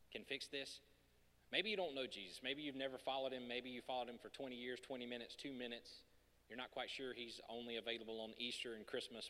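Male pastor, sermon at a podium, casual and joking, then emphatic; bright voice, long hall reverb. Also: medium pitch. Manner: conversational and joking, building to emphatic peaks. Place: church hall.

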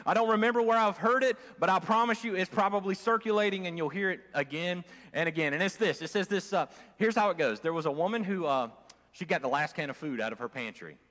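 A man's voice: high voice, fast, a bit bright. A male pastor preaching a sermon in a conversational way, calling on the congregation to respond. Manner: conversational, calls for audience response. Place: church sanctuary. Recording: long church hall reverb.

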